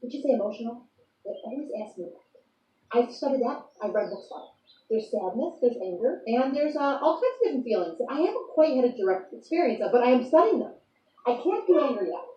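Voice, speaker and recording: A high, lively woman talks fast and playfully, rambling through an improvised star-sign persona. She sounds amused by herself. The recording is dull and lo-fi, caught from a distance in an echoey room. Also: slight background noise.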